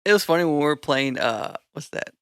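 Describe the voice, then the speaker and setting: A man's voice: fairly high pitch, expressive, a little fast, a bit bright, clean tone, dry recording, clean studio sound. A man co-hosting a podcast, rambling casually and laughing often as he talks. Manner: laughs a lot, rambles with restarts. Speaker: podcast co-host. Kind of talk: casual chat.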